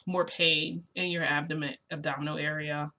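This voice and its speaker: A woman's voice: deep voice, little pitch movement, moderate pace, bright, forceful tone. A curt, bossy young man who lays down the rules, as a woman quotes him in her own voice. He is heard through a casual storytelling vlog. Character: stern, controlling young man.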